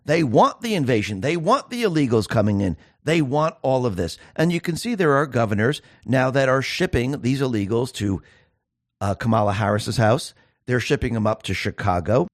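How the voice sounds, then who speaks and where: A man's voice: fairly high pitch, no echo, studio quality. A man hosting a solo political commentary show, speaking emphatically and firing off sarcastic rhetorical questions.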